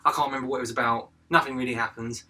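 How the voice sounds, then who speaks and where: A man's voice: medium pitch, steady tone, very fast, recorded from a distance, noisy background. A man co-hosting a podcast in casual chat, laid-back and joking, swearing freely. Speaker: podcast co-host.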